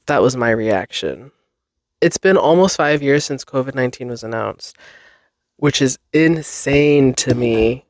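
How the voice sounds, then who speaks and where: A woman's voice: extremely low pitch, a little slow, darkish tone, dry recording, studio quality. A woman in her twenties hosting a podcast, chatting alone in a rambling, self-deprecating way, swearing and laughing often. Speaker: podcast host. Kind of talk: casual solo chat.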